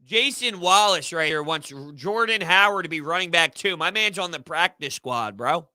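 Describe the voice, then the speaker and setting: A man hosting a casual live sports stream, answering chat in an animated, rambling way. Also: sits high, normal speed, no echo. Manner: animated, rambling, repeats himself. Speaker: sports podcast host reading live chat.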